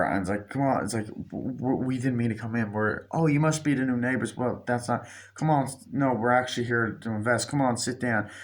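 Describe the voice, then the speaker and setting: A man giving a casual spoken movie review, rambling and swearing, acting out scenes with quick mimicked lines. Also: on the low side.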